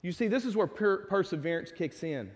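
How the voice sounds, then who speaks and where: A man with a high, light voice and a Texas twang preaches a casual sermon, drifting into jokes and asides to the people in the pews. His words ring out with a long reverb, as in a large church sanctuary. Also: animated, brisk. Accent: Texan. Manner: conversational and joking, with asides to the congregation. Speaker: pastor.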